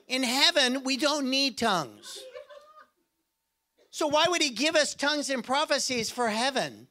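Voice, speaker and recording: A man preaching a sermon in a church, animated and joking, acting out voices as he goes. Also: very high-pitched. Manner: animated, acts out quoted voices and jokes. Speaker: guest preacher.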